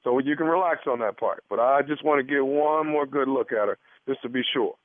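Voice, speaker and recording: A man's voice: mid-range voice, a little fast, dry recording, lightly acted. Sly stammering doctor, a man doing it, prank call, tinny line, dry. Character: smarmy male doctor prank-calling a husband. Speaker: prank caller. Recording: phone-like band-limited sound.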